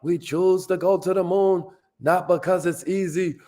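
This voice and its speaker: A man doing a Boston-accented impression of a grand speechmaking orator, delivered slowly and stately with stretched vowels. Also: high-pitched, steady tone, warm tone, pitched above the performer's own voice.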